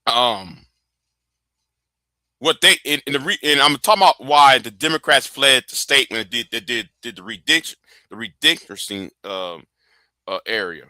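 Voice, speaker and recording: A man's voice: medium pitch, expressive, normal speed, bright, forceful tone, dry recording. A middle-aged man, hosting a casual political livestream and rambling through stammers and restarts. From Texas. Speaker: livestream host.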